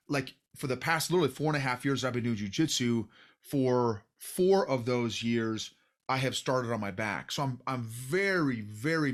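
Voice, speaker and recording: A man hosts a podcast in a relaxed, chatty way, his voice at an average pitch. He often trips over repeated words before he finds his point, and he drops in "bro" and "dude" as he talks. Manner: casual, repetitive restarts, calls guest "bro" and "dude". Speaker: podcast host. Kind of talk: casual conversation.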